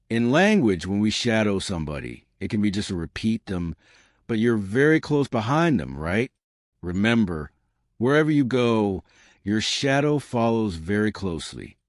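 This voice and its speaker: A man's voice: on the low side, very animated, unhurried, no room sound, studio quality. A man teaching learners, encouraging and often checking in with "right?". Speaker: English teacher.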